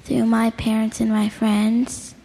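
Husky, gravelly woman, slow and hesitant. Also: on the high side, little pitch movement, mellow. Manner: short, hesitant answers. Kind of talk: interview answers.

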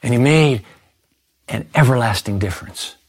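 A man preaching a sermon, reading quotations aloud and urging his listeners with animated emphasis. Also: medium pitch, normal speed, breathy edge, no room sound, studio quality. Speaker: pastor.

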